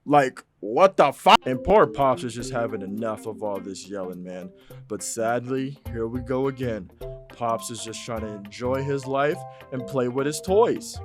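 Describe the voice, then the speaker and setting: A man's voice: mid-range voice, expressive, a little slow, over music. A young man casually recapping a cartoon in a slangy, profane, laid-back way. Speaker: commentator.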